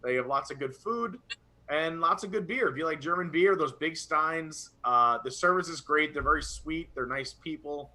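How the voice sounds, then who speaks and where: A man's voice: on the high side, normal speed, bright, forceful tone. A young man co-hosting a casual live chat, talking with rambling enthusiasm. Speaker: podcast co-host.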